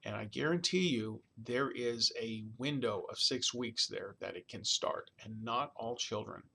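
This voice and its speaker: A man's voice: medium pitch, measured pace, gravelly, sharp tone, breathy edge. Man lecturing with frequent "all right?". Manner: conversational, checks in with frequent "all right?" and "okay?"; demonstrates baby babbling sounds. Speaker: college lecturer. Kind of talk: recorded lecture.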